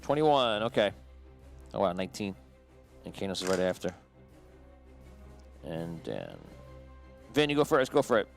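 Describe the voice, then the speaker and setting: A man's voice: on the low side, sing-song, a little slow, vocal fry, long pauses, faint music behind. A man narrating as game master of a tabletop game, talking loosely with many restarts and fillers.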